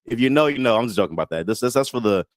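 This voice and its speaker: Male co-host, animated and joking, casual wrestling banter. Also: medium pitch, rapid-fire, dry recording.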